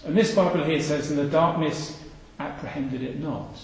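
Man, sermon, high voice, earnest rhetorical questions, long hall reverb. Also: moderate pace. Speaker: preacher.

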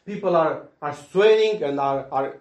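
An earnest man delivers a sermon, his voice sitting a little high. He swings between loud, emphatic lines and soft, hushed asides. The sound carries the echo of a roomy space. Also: measured pace. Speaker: preacher. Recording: echoey room.

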